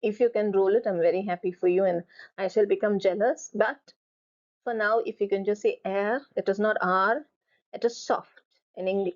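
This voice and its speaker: A woman's voice: mid-range voice, a little mellow. A woman teaching French from slides, repeating each word several times so learners can copy her pronunciation. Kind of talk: recorded slide lecture. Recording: dull lo-fi recording.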